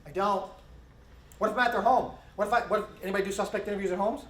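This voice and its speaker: A middle-aged man training police officers, giving an animated conference presentation and acting out bits of interview dialogue. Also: sits high, racing, a little hiss or hum. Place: conference hall. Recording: echoey conference hall.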